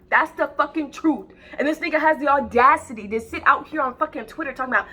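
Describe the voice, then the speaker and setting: A woman's voice: high voice, a little fast, few pauses, bright, forceful tone. A woman who calls herself a psychic medium, ranting to camera in a heated, profane, rambling way with many restarts. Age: adult with children. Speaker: self-described psychic medium. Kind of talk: unscripted rant to camera.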